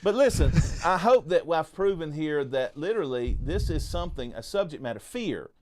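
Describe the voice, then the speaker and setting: A man's voice: fairly high pitch, lively intonation, normal speed, slight background noise. Folksy male podcast host telling stories. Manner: folksy, joking storyteller with frequent restarts. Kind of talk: casual faith podcast chat.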